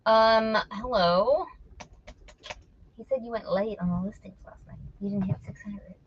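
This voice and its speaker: A woman's voice: mid-range voice, a little slow, lo-fi sound, slight background noise. A middle-aged woman hosting an online reselling show, chatting playfully and teasing her viewers while she lists items. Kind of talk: casual live-stream chat while listing items.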